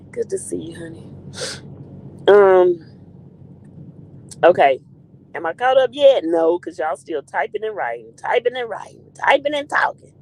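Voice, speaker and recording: A woman's voice: on the high side, big pitch swings, unhurried, creaky, darkish tone, poor audio. A woman hosting a casual live stream, greeting viewers in the chat by name in a playful way.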